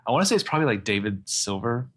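A man's voice: medium pitch, rapid-fire. A man co-hosting a casual podcast, joking and swearing as he discusses a TV show. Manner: relaxed, jokey, swears. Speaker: podcast co-host. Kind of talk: casual chat.

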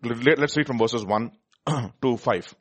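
A man's voice: mid-range voice, measured pace, fairly bright tone. A man preaching a sermon, reading scripture aloud, asking his listeners questions and laughing often.

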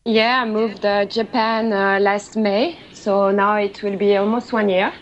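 A woman's voice: mid-range voice, level tone, measured pace, highs cut off, slight background noise. A woman from France with a French accent, a guest on a call-in chat who speaks hesitantly in simple phrases and apologizes often. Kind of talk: casual chat.

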